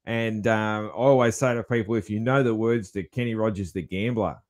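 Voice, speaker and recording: Hosting a casual podcast interview, this Australian man talks a bit fast in a lowish voice with fairly even intonation. He keeps things relaxed and often calls his guest "man."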